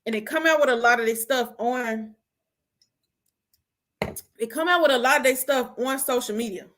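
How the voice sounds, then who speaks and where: A young woman hosting her own show, giving casual opinions on music in an animated, slangy way. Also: a little high, moderate pace. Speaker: host.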